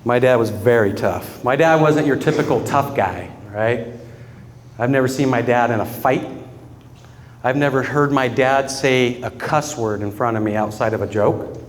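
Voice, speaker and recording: A man's voice: medium pitch, normal speed, in a large hall, slight background noise. A man giving a eulogy for his father, telling personal stories in an earnest way and often breaking into laughter. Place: funeral gathering in a room with mourners.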